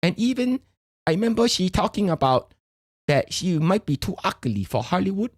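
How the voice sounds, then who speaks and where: A man's voice: high-pitched, sing-song, normal speed, slightly rough, dry recording, clean studio sound, full character voice. A man putting on a crude, rambling middle-aged immigrant dad who speaks broken English and tags lines with "lah". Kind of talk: comedic character monologue on stream.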